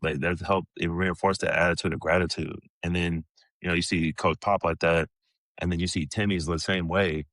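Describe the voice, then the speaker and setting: Brief: thirties male guest, deep low register, loose profane storyteller, dead-dry close mic. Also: fairly even intonation, normal speed, a bit bright, no room sound. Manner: laid-back, swears freely, chuckles often. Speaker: podcast guest, retired pro basketball player. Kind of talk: casual storytelling interview.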